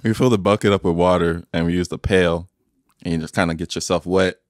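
A man's voice: deep voice, steady tone, fast, no room sound, clean studio sound. A young man from Nigeria co-hosting a podcast, telling stories in casual banter and laughing often. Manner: laughs often, easygoing storytelling. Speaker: podcast co-host.

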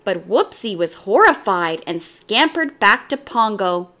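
A woman reading a children's storybook aloud in an expressive, lively way. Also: mid-range voice, unhurried.

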